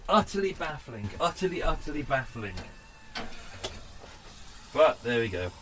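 A man's voice: medium pitch, sing-song, measured pace, a bit bright, slight background noise. A man with a London accent chatting casually on his boat while making coffee, rambling and swearing with self-mocking asides. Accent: London English. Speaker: vlogger living on a boat.

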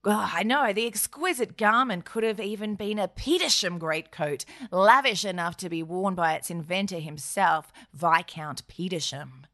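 A woman's voice: lowish voice, normal speed, hardly any pauses, bright, forceful tone. A woman co-hosting, telling a comic history story with playful, wry asides. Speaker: podcast co-host narrator.

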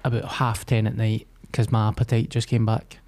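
A man's voice: lowish voice, monotone, moderate pace, darkish tone. A young Scottish man co-hosting a podcast, telling a sweary rant in casual chat. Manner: swears a lot, tells rants with acted-out quotes. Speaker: podcast co-host.

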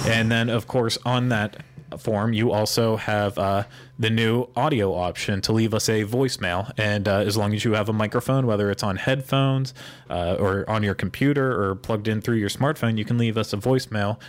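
A man's voice: on the low side, fairly even intonation, brisk. A man co-hosting a podcast, rambling through casual chat with joking sarcasm. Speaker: podcast co-host.

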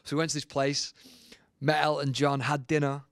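A man in his thirties, a musician guest, telling lively casual anecdotes and laughing often. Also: a little high, moderate pace, dry recording, clean studio sound. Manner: animated storyteller, laughing often, colloquial.

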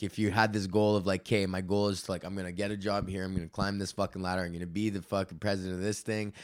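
A man's voice: low-pitched, clean tone, dry recording, clean studio sound. Laid-back profane young man ranting. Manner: profane, rambling, laughs often. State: low energy. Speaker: podcast host. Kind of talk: casual solo podcast rant. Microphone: studio podcast mic.

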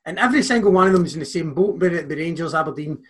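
A man's voice: a little high, animated, very fast, husky. A Scottish man on a casual football podcast, making earnest points and swearing as he goes. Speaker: podcast co-host.

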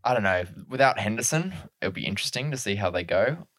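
A young man chatting loosely on a podcast, quick to laugh and swear. His voice sits on the low side but moves around a lot in pitch, and it is recorded close and dry with no room sound. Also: animated, a bit bright, no room sound. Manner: laughs often, swears casually. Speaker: podcast co-host. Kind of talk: casual podcast banter.

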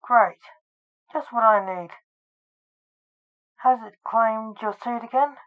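A woman's voice: on the high side, takes it slowly. A woman narrator puts on a grumpy older stage magician, a grandfather who grumbles and snaps when he is bothered. It is a plain storybook reading, heard through a tinny, narrow, phone-like sound. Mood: grumbling. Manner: grumbling, irritable.

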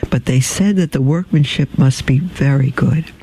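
A man reading a storybook aloud at an unhurried, measured pace. His voice is dark and mellow with a gravelly, creaky texture, and he now and then clears his throat or trips over a word. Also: medium pitch, rough recording.

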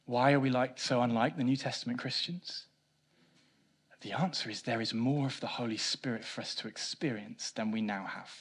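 A man preaching a sermon, swinging between loud emphatic lines and quiet low ones, with a self-mocking touch. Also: moderate pace, breathy edge. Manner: animated preaching, rising loud for emphasis then dropping soft. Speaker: pastor.

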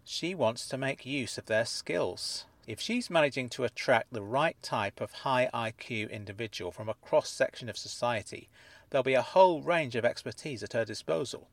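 A man narrates a first-person audio story, earnest and measured. He sits close to a studio mic with a mid-range voice and dry, dead sound with no room echo. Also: medium pitch, vocal fry.

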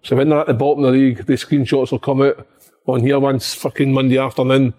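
A man's voice: mid-range voice, little pitch movement, fast talker, warm tone. A Scottish man speaking emphatically and with swearing in a casual football chat.

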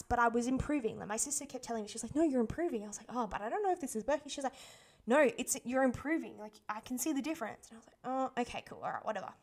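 Aussie girl in her 20s, kinda high voice, chatty storytelling, lots of "i was like". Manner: chatty, quoting others with "I was like" and "she's like". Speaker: podcast host. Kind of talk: personal storytelling monologue.

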